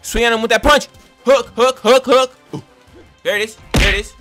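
A man giving loud, slangy play-by-play commentary on his own gameplay, yelling and whooping at the action. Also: very high-pitched, fairly quick, soft background music. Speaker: gaming channel host. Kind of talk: excited let's-play commentary.

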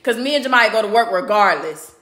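A woman's voice: medium pitch, lively intonation, a little fast, sharp tone, reverberant. A woman in her forties on a live stream at home, ranting bluntly and profanely in a heated family argument. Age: 40s. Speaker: mother livestreaming a family argument. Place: home, indoors. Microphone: phone, live stream.

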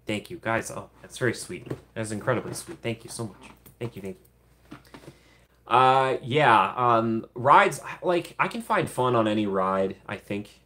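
A man's voice: on the low side, fairly bright tone. A young man casually hosting a livestream, chatty, laughing often and gushing thanks to his viewers. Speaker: livestream host.

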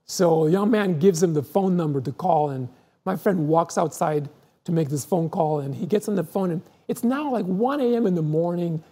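A pastor delivers a sermon in a mellow, warm voice with a breathy, husky edge. The telling is earnest and unhurried in feeling. Words often repeat as a thought takes shape, which gives it a searching, heartfelt sound. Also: mid-range voice. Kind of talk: sermon with storytelling.

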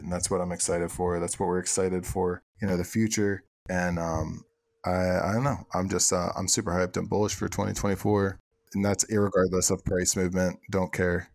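A man with a low, gravelly voice talks as a guest on a podcast. He speaks casually and eagerly, often restarting sentences and dropping the odd swear word. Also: darkish tone. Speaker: guest, software project co-founder.

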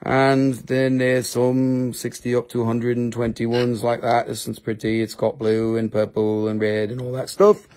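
A man's voice: flat delivery, normal speed, few pauses, darkish tone. Rambling, profane man selling crystals live. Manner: rambling, profane, joking, with high-pitched mock quotes. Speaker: host of a live crystal sales stream. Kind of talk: casual live-stream selling chat.

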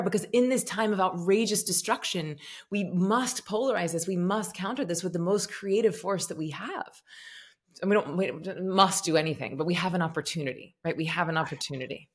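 Low-voiced woman. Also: a little fast, slightly rough. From Southern United States. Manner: expressive, thoughtful, musing aloud. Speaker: guest, meditation teacher. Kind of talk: conversational podcast interview.

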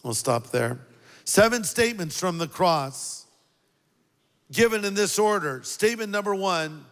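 Earnest high-voiced man preaching in a hall. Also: lively intonation, a bit bright. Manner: earnest, deliberate, emphatic. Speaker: pastor. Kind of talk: sermon.

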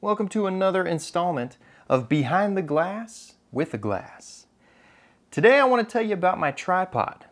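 A man's voice: sits high, very animated, moderate pace. A young American man chatting casually to camera as a video host, chatty and self-deprecating, with plenty of ums and uhs. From United States. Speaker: photography YouTuber.

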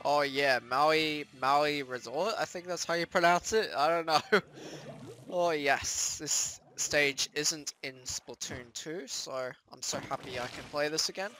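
A young adult gaming host giving excitable let's-play commentary, breaking into screams at scares and rambling in self-mocking asides. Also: mid-range voice, unhurried, faint music behind.

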